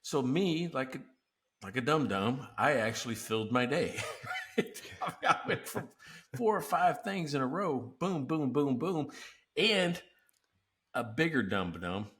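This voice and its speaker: Man, podcast host, casual chat, animated storyteller, laughs a lot, mid-pitched voice. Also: a little slow.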